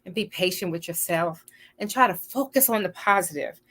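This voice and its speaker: A woman's voice: fairly low pitch, moderate pace, fairly bright tone, a little hiss or hum. Earnest woman hosting an inspirational show. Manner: earnest, encouraging, preacher-like; speaks directly to viewers. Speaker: host. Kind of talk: inspirational talk, reading aloud and commenting.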